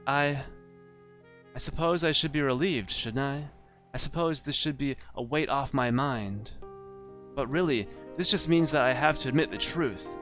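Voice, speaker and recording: A man's voice: mid-range voice, moderate pace, a bit bright, faint music behind, voice pushed up, natural voice. A man voicing a scheming married woman client in a noir story game, pleading and then seductive.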